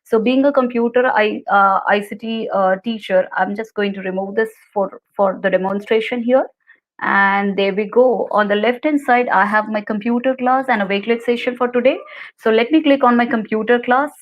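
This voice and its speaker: Woman, ICT teacher, fairly high voice, step-by-step tutorial, video call. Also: fairly even intonation, moderate pace, highs cut off. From India. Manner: clear, step-by-step instructing. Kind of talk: screen-share tutorial.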